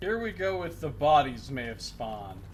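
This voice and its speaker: A man's voice: mid-range voice, big pitch swings, moderate pace, a little hiss or hum. Profane, joking male game streamer. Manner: profane, joking asides to chat. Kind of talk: casual live-stream commentary while gaming.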